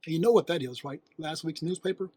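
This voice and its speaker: A man's voice: fairly high pitch, quick pace, dark tone, husky. A man hosting a motivational monologue, preaching with rhetorical questions and emphatic repetition. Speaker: host.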